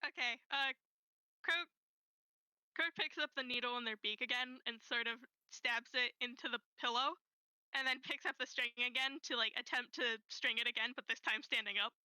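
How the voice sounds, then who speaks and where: High, bright-voiced woman game master. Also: clear, resonant tone, no echo, rough recording. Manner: relaxed, halting narration with fillers. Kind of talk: narrating a tabletop game.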